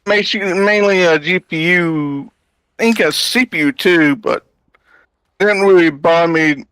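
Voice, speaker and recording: A man's voice: on the high side, a bit bright, smooth. A man who is not a native English speaker, talking hesitantly as a guest in casual chat. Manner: hesitant, halting. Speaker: guest on stream.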